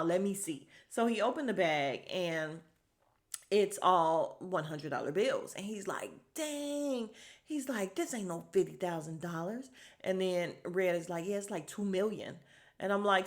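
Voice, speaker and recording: Woman podcaster recapping a tv ep, super animated, laughing, doing the characters' lines. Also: medium pitch. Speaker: podcast host recapping a TV episode. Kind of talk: casual recap chat.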